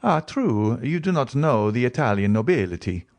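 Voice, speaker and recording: A man voicing a composed, worldly nobleman who speaks in a smooth, measured, knowing way, in an audiobook reading. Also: mid-range voice, big pitch swings, darkish tone, pitched above the performer's own voice. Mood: assured. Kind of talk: audiobook character voice.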